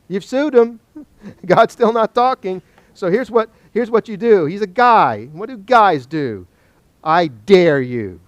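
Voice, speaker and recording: A man teaching a Bible study, animated and joking, asking the class questions. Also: sits high, unhurried, no room sound, highs cut off.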